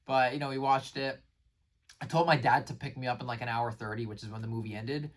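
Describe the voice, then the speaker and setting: A man recapping his day in a casual vlog, rambling and excitable, with lots of fillers and restarted sentences. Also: medium pitch, a little fast, distant mic. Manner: rambling, filler-heavy, says "like" and "bro" constantly. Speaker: vlogger.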